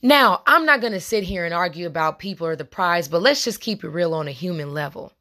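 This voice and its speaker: A woman's voice: fairly low pitch, animated, brisk, bright, forceful tone. A young adult woman, hosting a podcast monologue in a casual, impassioned way and talking straight to her listeners. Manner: impassioned, conversational, addresses listeners as y'all. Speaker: podcast host.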